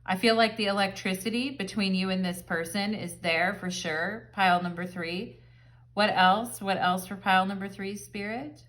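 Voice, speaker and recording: A woman talks to camera in a chatty, rambling way, filling her tarot reading with "like" and "um". She sounds relaxed and at home, speaking in a mid-range voice. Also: mid-range voice, moderate pace. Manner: chatty, rambling, filler-heavy. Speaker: tarot reader. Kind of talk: casual pick-a-card tarot reading.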